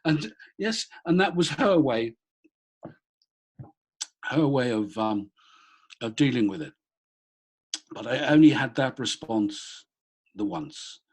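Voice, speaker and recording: A man's voice: medium pitch, lively intonation, slow, long pauses, husky. A middle-aged man, a former police officer, telling a story on a video call with many hesitant restarts. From Britain. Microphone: laptop on a video call.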